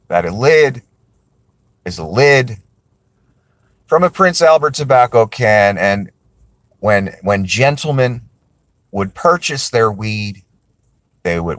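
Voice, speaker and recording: A man with a lowish voice rambles through a casual chat to camera, often circling back and apologizing. The sound is close and dry, with no room around it. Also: fairly bright tone, dry recording. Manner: rambling, apologetic, self-correcting. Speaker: video creator.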